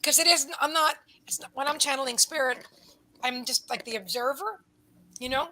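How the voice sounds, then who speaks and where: A woman giving a live psychic card reading, rambling and breaking off mid-sentence, with quiet murmured asides. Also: high-pitched, normal speed, low-quality recording. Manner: rambling, self-interrupting, drops into soft asides. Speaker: psychic reader.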